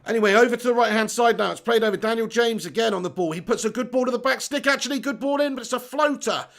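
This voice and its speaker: A man's voice: very high-pitched, fast, gravelly, fairly bright tone. A man hosting a live football watch-along, commentating on play, reading out chat comments and ranting at his team. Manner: exasperated, swears casually, rants at own team. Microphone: phone.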